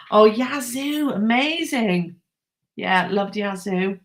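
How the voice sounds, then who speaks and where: Lady in her 40s chatting to her viewers, gushy and excited, giggles a lot. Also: mid-range voice, a little slow. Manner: chatty, enthusiastic, laughs often. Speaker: host. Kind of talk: casual chat with live viewers.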